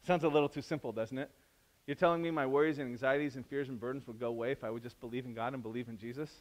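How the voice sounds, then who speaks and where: A male pastor preaching a conversational sermon, animated and full of restarts. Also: mid-range voice, quick pace.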